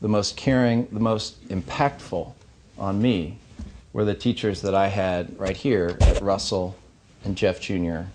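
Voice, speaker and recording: A man's voice: sits low, fairly even intonation, unhurried, darkish tone, a little hiss or hum. A man in his thirties from Missouri giving a keynote speech at an awards banquet, earnest and anecdotal with light humor. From Missouri, USA. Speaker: keynote speaker. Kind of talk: ceremony speech. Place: banquet hall.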